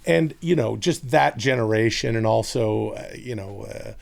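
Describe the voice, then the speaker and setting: A man's voice: lowish voice, moderate pace, gravelly. A middle-aged man chatting casually as a podcast guest, rambling through a family story and swearing freely. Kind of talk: casual chat.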